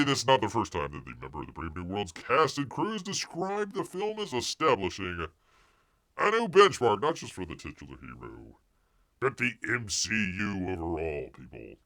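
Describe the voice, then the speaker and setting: A man's voice: medium pitch, big pitch swings, normal speed, fairly bright tone, dry recording. A man hosting a show, giving sarcastic, rambling news commentary full of fillers and asides. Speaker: host.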